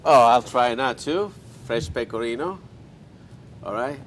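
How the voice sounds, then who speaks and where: A man's voice: mid-range voice, expressive, a little slow, a little hiss or hum. Older male cooking host, chatty storyteller, mid-range voice. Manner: folksy storyteller, joking asides.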